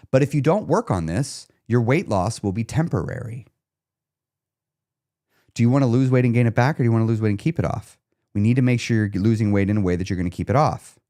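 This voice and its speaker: A man's voice: mid-range voice, warm tone. A man coaching viewers on a live stream, speaking emphatically, repeating key questions and checking in with his audience. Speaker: weight loss coach.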